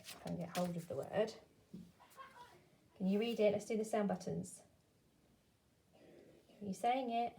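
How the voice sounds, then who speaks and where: A woman teaching a phonics lesson to young children, sounding out words slowly and clearly and encouraging them to join in. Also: medium pitch, dark tone.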